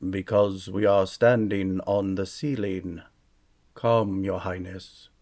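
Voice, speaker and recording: A man voicing a sad, long-faced male spirit servant who speaks slowly and formally in a monotone bass. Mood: solemn. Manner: slow, flat and formal.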